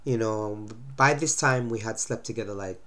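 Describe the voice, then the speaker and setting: A man's voice: on the low side, moderate pace, sharp tone. Stuffy-nosed man lecturing on dating. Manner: lecturing, repeatedly asks "you understand?". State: congested from a cold. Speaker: vlogger giving relationship advice. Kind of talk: casual talking-to-camera monologue.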